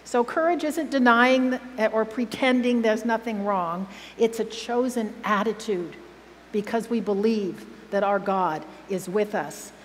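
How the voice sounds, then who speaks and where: A woman's voice: fairly high pitch, unhurried. Woman preacher, emphatic sermon delivery, echoing church hall recording. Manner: earnest, emphatic, asks the congregation questions. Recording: church hall recording with reverb and faint hum.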